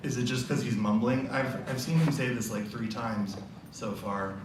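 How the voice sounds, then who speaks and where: A man presenting at a symposium, reading a story aloud and thinking out loud with the audience in a relaxed way. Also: medium pitch, moderate pace, crowd noise. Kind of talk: casual talk with reading aloud. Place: lecture hall. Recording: echoey hall from far off, noisy.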